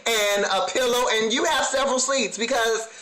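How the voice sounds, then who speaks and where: A man giving a sassy, animated, slang-heavy casual review of a TV episode. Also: very high-pitched, moderate pace, soft background music. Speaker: TV recap vlogger. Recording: echoey room.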